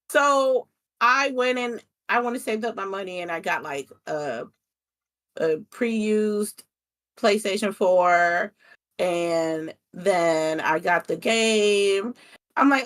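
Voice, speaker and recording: Woman, young adult, interview guest, animated, casual swearing. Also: medium pitch, slow pace. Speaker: content creator guest.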